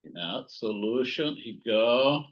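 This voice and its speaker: A man's voice: mid-range voice, expressive, slow pace, lo-fi sound. A man teaching a physics lesson, working through notes, repeating key words and checking in with "right?" and "here you go". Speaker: physics instructor. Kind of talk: recorded lecture while writing notes.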